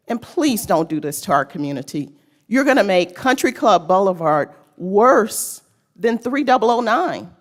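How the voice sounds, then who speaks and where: A woman making an emotional, pleading public comment at a city council meeting, speaking at a podium microphone. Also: medium pitch. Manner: pleading, earnest, tearful at times. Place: council chamber.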